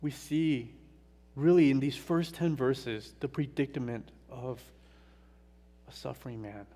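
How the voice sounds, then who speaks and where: A man preaching a sermon in a church, earnest and emphatic, slowing down and falling soft on painful words. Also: mid-range voice, steady tone. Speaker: pastor. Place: church sanctuary. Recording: long hall reverb.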